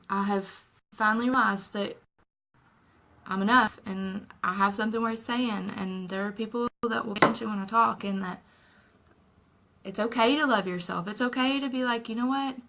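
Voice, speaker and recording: A young woman talks through her makeup routine in a chatty, earnest way. Her voice is bright and forward, with a lot of vocal fry at the ends of phrases. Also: medium pitch, low-quality recording. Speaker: makeup vlogger. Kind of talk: casual makeup tutorial chat. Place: at home.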